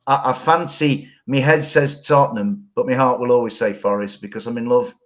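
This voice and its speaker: A man's voice: mid-range voice, a little fast. A man talking football as a podcast guest, earnest and rambling, with colourful phrasing. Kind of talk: casual football podcast chat.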